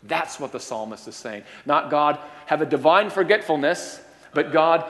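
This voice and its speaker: A man's voice: on the high side, animated, normal speed, a bit bright. A man preaching a sermon, earnest and emphatic, calling his listeners friends as he explains scripture. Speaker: pastor. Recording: long hall reverb.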